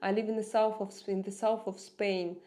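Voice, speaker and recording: Answering viewer comments on her casual livestream, a non-native English speaker sounds earnest and impassioned, frequently halting with fillers and restarts. Her voice is medium in pitch and warm in tone, though her delivery is flat.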